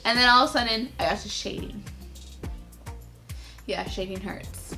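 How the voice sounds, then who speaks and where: A woman's voice: mid-range voice, normal speed, long pauses, pushed and bright, faint music behind. A young adult woman vlogger telling a personal story to camera in a casual, chatty way, leaning heavily on "like" as a filler.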